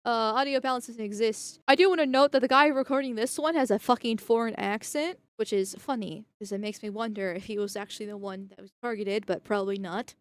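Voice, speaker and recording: A blunt woman streamer narrates and reacts in a casual, swearing, sarcastic way. Her voice sits a little high, and the recording is close and dry. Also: fairly quick, hardly any pauses, no room sound. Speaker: streamer commentator.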